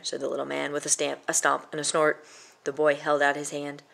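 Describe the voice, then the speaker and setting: Woman reading a picture book with a gravelly voice. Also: low-pitched, monotone, fairly quick, a bit bright. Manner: playful sound words.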